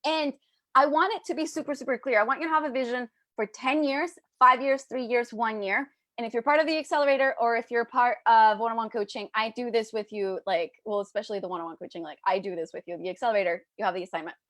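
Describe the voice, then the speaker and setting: A woman business coach giving a live talk to her group, energetic and playful, slipping into little voices to act things out. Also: a little high, fast talker, no room sound.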